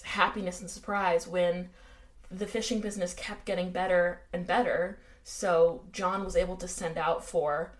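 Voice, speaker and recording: An American woman co-hosting a casual true-crime podcast, chatty and wry, with lots of fillers. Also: on the low side. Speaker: podcast co-host.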